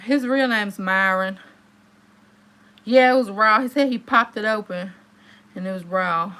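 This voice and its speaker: A young woman, hosting a casual livestream and chatting with viewers, telling stories and jumping into high exclamations. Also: a little slow, sharp tone, smooth. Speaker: livestream host.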